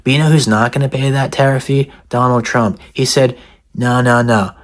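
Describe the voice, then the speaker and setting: A man's voice: mid-range voice, fairly even intonation, brisk. A man giving a mock-serious, sarcastic comedic rant to the camera as a vlogger. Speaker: satirical vlogger.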